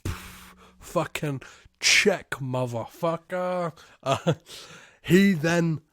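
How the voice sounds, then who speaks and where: A man hosting a podcast, recapping a movie casually, swearing freely and gleefully, and slipping into quick impressions of the characters. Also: medium pitch, dry recording, studio quality. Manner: profane and gleeful, swears constantly. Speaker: podcast host.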